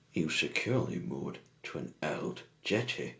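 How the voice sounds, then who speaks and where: A man reading a children's story aloud in an unhurried amateur style, often stumbling and rephrasing. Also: extremely low pitch, lively intonation, bright, forceful tone. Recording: echoey room.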